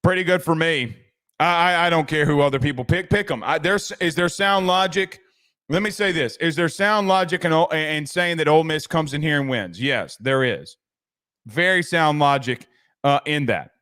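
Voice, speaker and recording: A man's voice: a little high, normal speed, sharp tone. A man hosting a sports podcast, chatting loosely and reading viewer comments, with frequent restarts and casual swearing.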